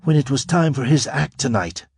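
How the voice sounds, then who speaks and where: A man voicing an eager young woman agent in an audiobook, brisk and reporting. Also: medium pitch, lively intonation, vocal fry, darkish tone, husky, no echo, clean studio sound.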